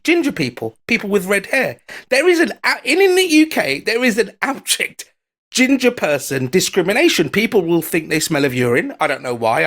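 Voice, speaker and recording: A man appearing as a guest correspondent in a casual comedic chat, emphatic and quick to agree. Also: high voice, a bit bright.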